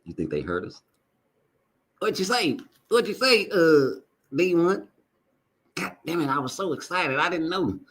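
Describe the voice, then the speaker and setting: A man voicing frantic, excitable male fight-stream commentators who shriek and stammer in a panic. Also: fairly high pitch, measured pace, pauses often, husky, pitched above the performer's own voice, full character voice. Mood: panicked.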